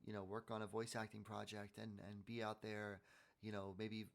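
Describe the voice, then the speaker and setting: A man's voice: on the low side, monotone, moderate pace, gravelly. Upbeat man hosting an interview. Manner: upbeat, encouraging. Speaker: podcast host. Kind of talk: casual interview chat.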